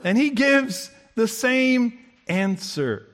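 A man preaching a sermon who acts out the quoted speakers with big swings in pitch and loudness. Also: very animated, drawn-out words.

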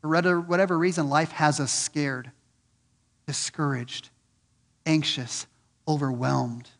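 Man, pastor, sermon, high voice, earnest, repeats questions, surges and drops. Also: fairly even intonation, a little slow. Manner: rises high and loud on key points, drops low and soft on others.

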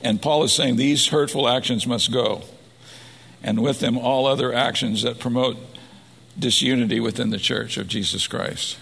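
A man's voice: medium pitch, fairly even intonation, moderate pace, vocal fry, a bit bright, slightly rough. A man preaching a sermon as a pastor, earnest and building to emphatic points. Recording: long hall reverb.

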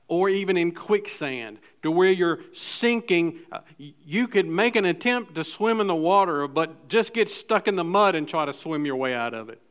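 Conversational male preacher, slightly high voice. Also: a bit bright. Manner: conversational preaching with restarts and acted asides. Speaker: pastor. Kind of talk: sermon. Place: church.

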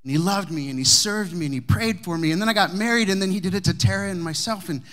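A man preaching, a pastor telling a personal story to his congregation with humor and warmth of delivery. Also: high-pitched, fast talker. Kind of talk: sermon storytelling. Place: church sanctuary with congregation.

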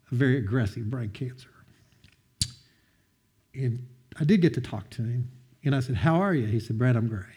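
A man sharing a personal testimony, earnest and heartfelt, often quoting others with lively bursts of emphasis. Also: mid-range voice, slightly rough. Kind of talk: heartfelt storytelling talk.

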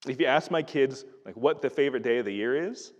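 A man's voice: mid-range voice, lively intonation, a little fast. A middle-aged man preaching a sermon in an earnest, conversational way, often restarting his sentences. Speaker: pastor. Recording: reverberant hall.

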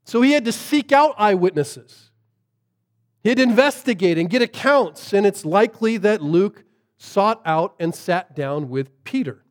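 A man preaching a sermon as a pastor, shifting from lively storytelling to hushed, earnest emphasis. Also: high voice, measured pace.

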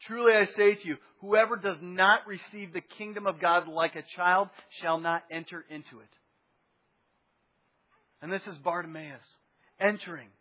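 High-voiced preaching man, slightly muffled. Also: slightly rough, big-room sound. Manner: conversational preaching with rhetorical asides. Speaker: pastor. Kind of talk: sermon.

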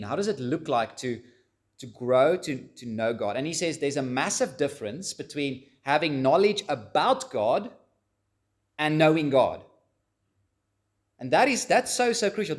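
A man preaching a sermon in an earnest way, leaning on key words with slow drawn-out stresses and rising emphasis. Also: fairly high pitch. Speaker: pastor.

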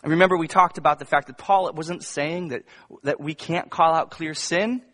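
A man's voice: on the high side, steady tone, normal speed, a bit bright. A male pastor preaching a sermon to his congregation in a conversational way, with humorous asides and emphatic bursts. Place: church before a congregation.

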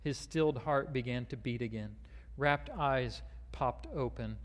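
A man delivers a sermon in a middle-pitched voice, stumbling over fillers and restarts as he works into a long reading. His voice rings with the long reverb of a large sanctuary. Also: unhurried. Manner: reads a long quoted passage aloud, with fillers and restarts. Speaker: pastor.

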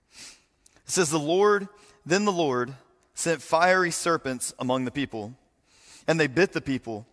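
A pastor preaches earnestly to his congregation, his bright, ringing voice carried with a long hall reverb. He speaks in a fairly high register for a man and slips into the voices of the people he quotes. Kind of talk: sermon.

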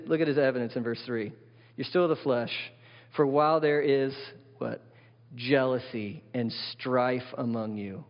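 A man preaches from the pulpit in an animated way and keeps putting questions to his listeners. His voice sits at an ordinary middle pitch. The sound is dull and lo-fi, and a long reverb trails through a large hall. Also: normal speed. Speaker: pastor. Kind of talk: sermon.

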